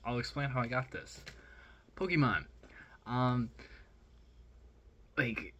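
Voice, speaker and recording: A young man telling a rambling, excited story in a casual vlog, with lots of fillers. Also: mid-range voice, takes it slowly, highs cut off. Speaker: vlogger.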